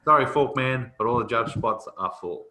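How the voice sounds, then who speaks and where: A man's voice: mid-range voice, normal speed, sharp tone, roomy sound. A man with an Australian accent, co-hosting a podcast in casual, blunt and opinionated banter. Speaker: podcast co-host. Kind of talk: casual chat.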